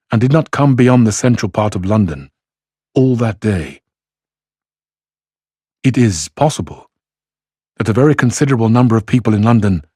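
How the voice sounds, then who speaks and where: A man reads passages from a classic novel in a steady, measured way. His voice sits low and a little husky. The sound is dry, with no room behind it. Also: no echo. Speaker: reader. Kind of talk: reading a novel aloud.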